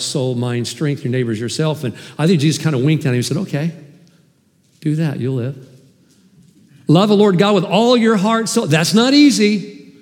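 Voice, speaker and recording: A man preaching a sermon as pastor, animated and emphatic, with sudden swings in loudness. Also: medium pitch, long reverb tail. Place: church hall.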